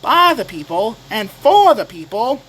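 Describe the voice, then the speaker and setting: A young man doing a slow, solemn impression of President Lincoln reciting a speech, with halting restarts. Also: sits high, very animated, a bit bright, slight background noise, heavily acted, rough recording.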